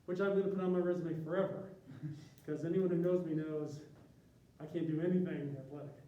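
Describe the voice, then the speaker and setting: A man's voice: a little high, fairly even intonation, brisk, mellow, lo-fi sound, slight background noise. A man from Chicago, a university graphic artist, giving an informal, self-deprecating talk to a class. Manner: self-deprecating, joking, chatty with tangents. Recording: echoey room from a distance.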